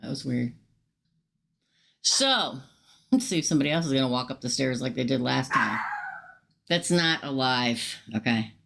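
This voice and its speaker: A woman's voice: very deep voice, expressive, normal speed, vocal fry, pauses often, a bit bright. A middle-aged woman casually reading tarot cards on a livestream, chatty and upfront, talking straight to her viewers. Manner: chatty, upfront, talks straight to viewers and reads chat aloud. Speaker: tarot reader hosting a livestream.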